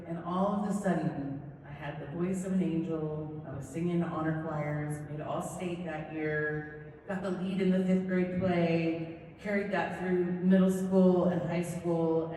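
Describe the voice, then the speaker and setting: A woman's voice: low voice, recorded from a distance, slight background noise. Chatty woman in an echoey hall. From Southern California, USA. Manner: chatty, animated, self-deprecating joking. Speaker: voice actor, convention panel guest. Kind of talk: convention Q&A storytelling. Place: convention panel room.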